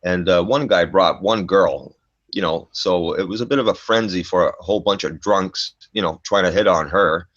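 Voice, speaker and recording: A man's voice: sits low, moderate pace, fairly bright tone, no echo. A middle-aged man telling a story in casual chat, profane and emphatic, ending lines with "man". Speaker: storyteller guest. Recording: dull lo-fi dry recording.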